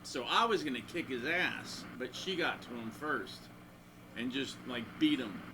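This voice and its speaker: Between bouts of guitar playing, a guitarist who hosts a channel tells a crude, rambling anecdote, acting out the voices of people in his stories. His medium-pitched voice has lively intonation and an unhurried pace, with a noisy background.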